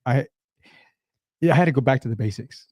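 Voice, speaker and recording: A man with a mid-range voice talks in a relaxed, conversational way and laughs easily. He explains behavior in plain words. The sound is dry and close. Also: medium pitch, a little fast, dry recording. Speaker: behavior psychologist and podcast co-host. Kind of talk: casual chat.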